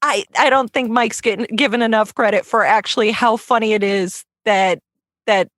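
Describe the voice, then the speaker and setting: A woman's voice: fairly high pitch, normal speed, no echo, studio quality. A woman guest cohost on a podcast, chatting animatedly and laughing often. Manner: animated, laughs often, puts on silly voices. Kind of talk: casual podcast chat.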